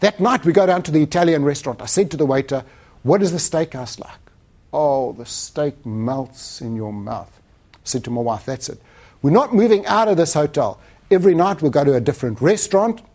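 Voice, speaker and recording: Lively sales speaker, dull recording. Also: male voice, fairly high pitch, fast talker. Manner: animated storyteller acting out dialogue. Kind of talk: motivational talk with stories.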